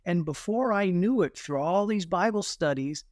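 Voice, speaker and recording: A man's voice: sits high, expressive, normal speed, dry recording, clean studio sound. A man, a veteran and artist, telling his faith story as an interview guest, acting out the voices of the people he quotes. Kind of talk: testimony in an interview.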